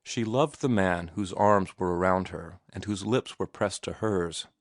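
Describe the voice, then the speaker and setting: Low-voiced male audiobook narrator. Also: measured pace, no echo, clean studio sound. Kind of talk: scripted narration.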